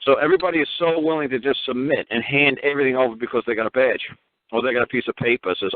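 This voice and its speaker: A man's voice: mid-range voice, racing, no room sound. A man hosting a call-in radio show, ranting in a rambling, profane way and repeating himself. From New York, Brooklyn. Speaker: radio talk show host. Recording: tinny phone-line radio audio.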